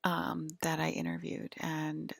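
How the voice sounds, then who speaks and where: Young woman, vlogger, low creaky voice, dry close mic, rambling casual delivery. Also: completely flat delivery, measured pace, no room sound. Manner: rambling, heavy filler words.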